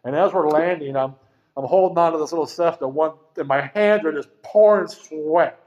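A man's voice: a little high, moderate pace, a little mellow. Frank rambling middle-aged man. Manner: rambling, frank, swears casually. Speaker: speaker sharing a recovery story. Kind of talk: personal testimony at a recovery meeting. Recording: dull lo-fi recording.

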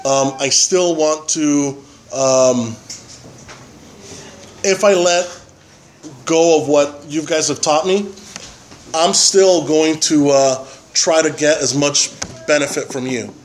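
A man giving a personal testimony at a recovery meeting, halting and full of fillers and tag questions. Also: fairly high pitch, slight background noise, poor audio. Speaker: member sharing at a recovery meeting.

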